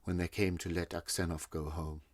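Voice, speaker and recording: A man narrating a classic short story in a measured, steady manner. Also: low voice, no room sound. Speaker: audiobook narrator. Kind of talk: scripted narration.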